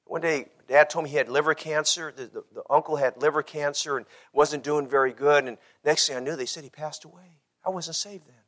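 A man preaching a sermon as pastor, swinging from hushed lines to loud cries and acting out the people in his story. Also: fairly high pitch, brisk. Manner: preaching with dramatic shifts between hushed and shouting; acts out quotes in character voices.

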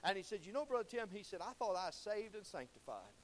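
A man preaching in a church, his voice sitting fairly high for a man. He talks in a folksy preaching style. He swings between loud cries and low, intense stretches. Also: very animated, fast talker, slight background noise. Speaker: pastor. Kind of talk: sermon.

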